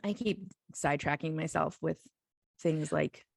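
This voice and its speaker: A woman's voice: sits low, unhurried, creaky, dry recording, clean studio sound. A middle-aged woman co-hosting a casual podcast, supportive and affirming, often trailing off mid-thought. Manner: supportive, frequent "mm-hmm" affirmations, easily sidetracked. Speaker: podcast co-host. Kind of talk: casual chat.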